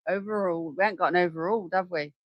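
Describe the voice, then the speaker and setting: A woman's voice: lowish voice, racing, dull audio, a little hiss or hum. A woman hosting a casual live show, chatting into a desk microphone and reacting aloud with exclamations. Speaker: host reacting to trial footage.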